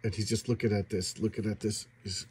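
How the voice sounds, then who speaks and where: Excited man recapping a comic. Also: on the low side, brisk, slight background noise. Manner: excited storytelling with sound effects and acted-out quotes. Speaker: comic book reviewer. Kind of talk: casual comic book recap.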